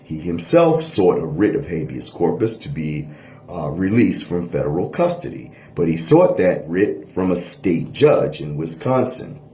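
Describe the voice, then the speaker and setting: A man lecturing on a court case in a lively teaching voice, checking in with listeners often. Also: sits low, measured pace, reverberant, a little hiss or hum. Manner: animated lecturing, frequent "all right?" checks. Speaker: history teacher. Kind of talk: lecture video.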